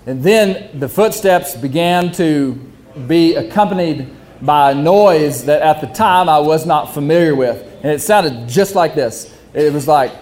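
A young man telling a hunting story, animated and often laughing while he talks. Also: on the high side, a little slow. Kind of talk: casual storytelling.

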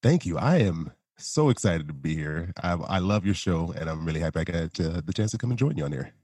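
A man's voice: deep voice, animated, fairly quick, darkish tone, no echo. A man being interviewed over a video call, telling his own story in an easygoing way with light self-mocking humor. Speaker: podcast guest. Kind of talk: casual interview chat. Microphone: remote video call.

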